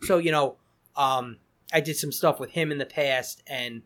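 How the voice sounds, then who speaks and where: A middle-aged man who founded a cigar company chats as a guest on a casual podcast interview. His mid-range voice has a fairly bright tone and a measured pace. He rambles, restarting often and repeating words.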